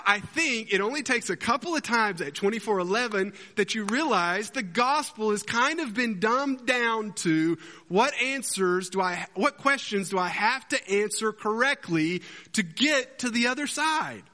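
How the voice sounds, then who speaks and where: Man preaching a sermon, bright sharp voice, big swings in pitch, acts stuff out, long echo like a big church hall. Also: moderate pace. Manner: animated storyteller, acts out film scenes. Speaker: pastor.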